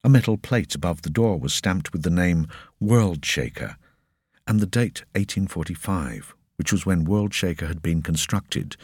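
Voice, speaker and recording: A man narrating an audiobook with expressive, scripted storytelling. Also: deep voice, normal speed, breathy edge, no echo, clean studio sound.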